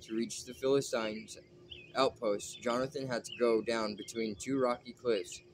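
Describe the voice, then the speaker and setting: A man reading scripture aloud at a steady pace, with a few small slips. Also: mid-range voice, unhurried, background noise. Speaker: Bible reader.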